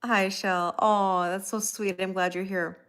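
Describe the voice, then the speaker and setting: A livestream host, tarot reader, and schoolteacher talks in a mid-range, fairly bright, clean voice, delivered flatly and a little slowly. During her casual stream she drifts through a story, laughing at herself and naming chat viewers as she welcomes them.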